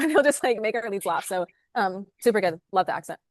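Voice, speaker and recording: Rapid-fire woman on a video call. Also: mid-range voice, lively intonation, no room sound, clean studio sound. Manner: rapid, upbeat, full of "like" fillers. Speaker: sales manager. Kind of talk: interview guest on video call.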